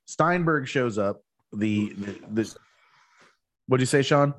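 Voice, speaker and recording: A man's voice: medium pitch, animated, slow pace, no echo. Rambling sarcastic young man. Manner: rambling, sarcastic, lots of fillers and restarts. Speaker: podcast co-host. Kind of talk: casual banter.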